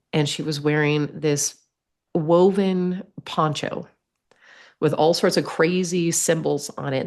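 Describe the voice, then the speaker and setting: A woman telling a personal story as a podcast guest, lively, acting out the voices she quotes. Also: deep voice. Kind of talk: storytelling in conversation.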